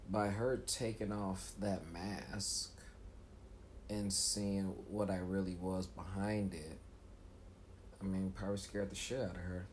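A man hosting a show, telling a profane story with lively voices, shouting high when he acts out scenes, and turning calm and reflective later. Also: a little hiss or hum. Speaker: comedian host. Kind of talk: stand-up storytelling.

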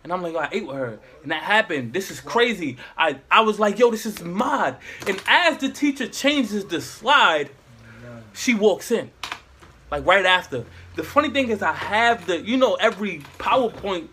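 A man's voice: high-pitched, expressive, normal speed, sharp tone, slight background noise. A young man casually telling a rambling, slangy story to friends.

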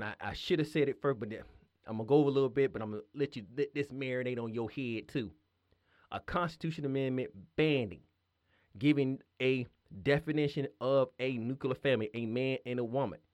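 A man's voice: medium pitch, brisk, no echo, studio quality. A man hosting a podcast, delivering a blunt, sardonic political monologue. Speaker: podcast host.

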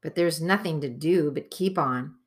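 A woman voicing a responsible teenage boy who leads the group in an audiobook, steady and reasonable. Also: deep voice, normal speed, lightly acted. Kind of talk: audiobook character voice.

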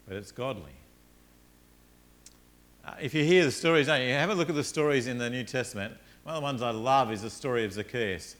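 Man, pastor, sermon, animated storytelling. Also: medium pitch. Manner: animated storytelling, acts out characters.

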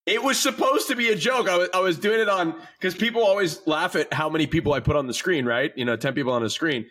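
A man's voice: on the high side, fast talker, a bit bright. A man chatting on a podcast, rambling and hesitant with many restarts. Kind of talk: casual podcast chat.

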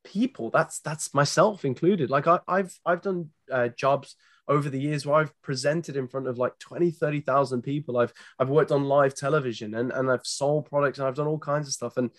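A man with a British accent, a guest on a podcast interview, giving earnest, animated dating advice with frequent restarts. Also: mid-range voice, normal speed, no echo, studio quality. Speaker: guest, dating company founder.

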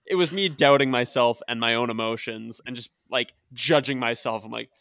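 A man's voice: mid-range voice, normal speed, gravelly, a bit bright, dry recording, studio quality. A man co-hosting a film podcast, speaking earnestly and candidly, laughing often. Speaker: podcast co-host. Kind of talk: casual film review chat.

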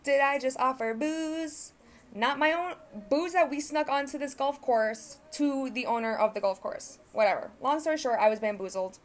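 A woman's voice: high voice, normal speed. A young woman hosting a solo podcast, rambling through casual stories with lots of filler words and swearing. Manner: self-correcting, conversational storytelling. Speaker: podcast host.

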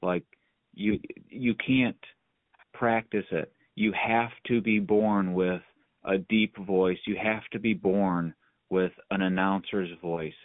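A man's voice: fairly low pitch, no echo. A man hosting a sports podcast, giving rambling, emphatic opinions in casual chat. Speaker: podcast host. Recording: dry, phone-like sound.

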